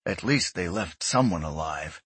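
A man voicing a bitter, grim male fleet commander who speaks flatly and quietly. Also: low voice, measured pace, slightly rough, no echo, voice pushed down, heavily acted. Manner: flat, quiet and controlled.

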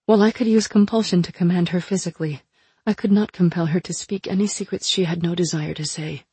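A woman reading a first-person fantasy audiobook in an even, measured way. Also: on the low side, breathy edge, no room sound. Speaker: narrator.

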